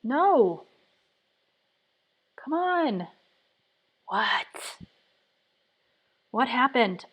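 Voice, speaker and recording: A woman live-streams design work from her home workspace, thinking aloud and muttering through repeated trial and error. Her medium-pitched voice is animated yet measured in pace, she pauses often, and the recording sounds muffled.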